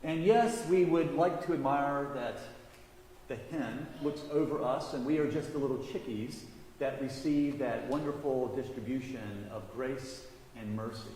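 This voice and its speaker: Male priest, measured storytelling sermon; fairly high, mellow voice, long church reverb, faint background noise.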